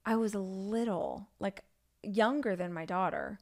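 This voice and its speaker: A woman's voice: medium pitch, a little slow. A woman in her forties hosting a podcast, telling candid, chatty stories about family life with frequent asides. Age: 40s. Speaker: podcast host. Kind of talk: solo podcast monologue.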